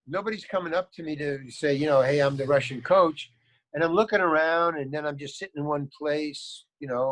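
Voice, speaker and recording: Older man, bright voice, rambling anecdotes. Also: fairly high pitch, dry recording, rough recording. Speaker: actor guest. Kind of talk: casual interview storytelling.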